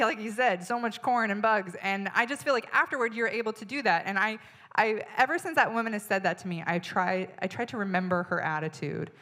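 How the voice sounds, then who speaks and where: A woman comedian from the United States telling a story on stage in an animated, exasperated way, acting out the people in it. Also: medium pitch. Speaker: stand-up comedian. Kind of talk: stand-up storytelling. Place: stage in front of an audience.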